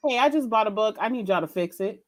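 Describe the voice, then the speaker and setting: A young woman hosting a casual live chat, animated and laughing often as she tells stories. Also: medium pitch, fast. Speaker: host.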